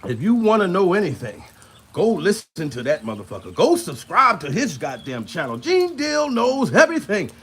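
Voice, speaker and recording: A man's voice: high voice, wildly swooping pitch, moderate pace, a bit bright, husky. A man doing casual comedic commentary, crude and rambling, laughing between lines and out of breath.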